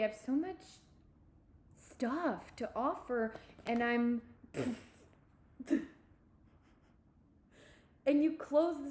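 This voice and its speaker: A woman giving a tarot reading, speaking in a halting, reassuring way and often repeating her words. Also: fairly high pitch, darkish tone. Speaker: tarot reader.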